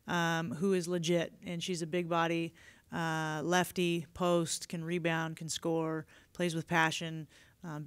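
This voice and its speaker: Woman, head coach, press conference, candid, filler-heavy, smooth voice, dry sound. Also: on the low side, no echo. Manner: relaxed, candid, many fillers. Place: media day podium.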